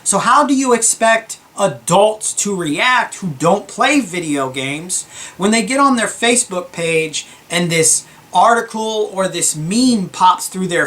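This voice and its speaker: Bright-voiced man ranting calmly about gaming. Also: high voice. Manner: earnest, with filler words and restarts. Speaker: gaming YouTuber. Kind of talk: calm opinion monologue.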